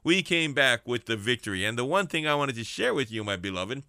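A fervent man delivers a radio sermon, his voice bright and forceful. He builds his points through rhetorical repetition, and the sound is close and dry with no room behind it. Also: medium pitch, big pitch swings, a little fast, smooth, dry recording. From Hawaii. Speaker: radio preacher and prison minister. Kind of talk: radio sermon and shout-outs.

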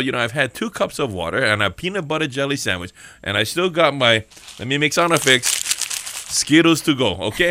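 A man's voice: mid-range voice, bright, forceful tone. A man with a Hawaiian accent giving a casual, joking sermon as host, chatty and playful. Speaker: church devotional host.

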